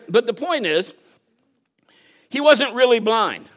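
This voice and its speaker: A high, animated preacher whose pitch leaps around as he tells a personal story from the pulpit. His tone is bright and forceful, and he acts out the people in his story and laughs at himself. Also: slow.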